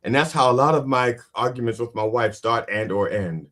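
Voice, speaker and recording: A man's voice: mid-range voice, brisk, fairly bright tone. A man hosting a podcast who also performs stand-up, talking in a rambling, self-questioning way and swearing casually. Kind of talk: casual chat. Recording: roomy, distant mic.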